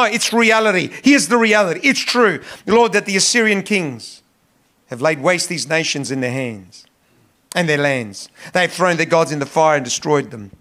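High-voiced impassioned male pastor. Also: a bit bright. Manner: impassioned, rising in pitch on emphasis, frequent repetitions. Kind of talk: sermon.

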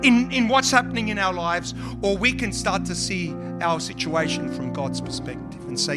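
A man's voice: high-pitched, normal speed, few pauses. A male pastor preaching a sermon, emphatic and repetitive, building up his points. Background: instrumental music.

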